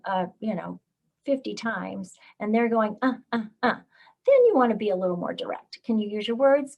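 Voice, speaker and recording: Woman giving a lively parenting talk. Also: medium pitch. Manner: animated when acting out parent-child examples. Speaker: speech-language pathologist.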